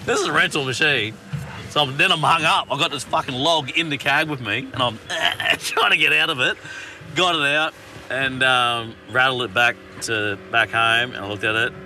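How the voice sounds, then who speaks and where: A man's voice: mid-range voice, moderate pace, far from the mic, a little hiss or hum. A man, a podcast guest, telling a story in casual, swearing, laughing chat. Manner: swearing, laughing, animated retelling.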